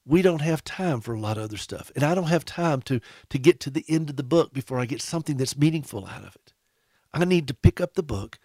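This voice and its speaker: A man's voice: mid-range voice, darkish tone, dry recording, studio quality. A man hosting a radio show, talking earnestly and conversationally to caregivers. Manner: earnest, conversational, with frequent restarts. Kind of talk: casual radio talk to caregivers.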